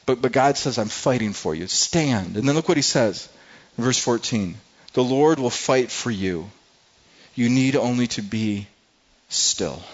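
Male pastor, mid-pitched, earnest sermon delivery with many restarts, slightly muffled recording. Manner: earnest, repeats words often while searching.

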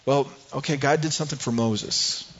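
A man's voice: mid-range voice, moderate pace, fairly bright tone, lo-fi sound, slight background noise. A man preaching a sermon as a pastor, earnest and asking rhetorical questions.

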